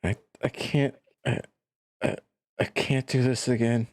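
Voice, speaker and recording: A man's voice: medium pitch, fairly even intonation, measured pace, dry recording, natural voice. A man playing a broken male prisoner, stammering, panicked, pleading, dry recording.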